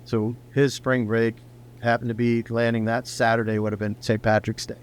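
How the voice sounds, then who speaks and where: A middle-aged man spins a loose, winding anecdote in plain conversational speech, his voice sitting at an ordinary mid pitch. A faint hum lies under the recording. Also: completely flat delivery, moderate pace. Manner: rambling anecdotal storyteller, swears casually. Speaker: guest, company founder. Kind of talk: casual storytelling interview.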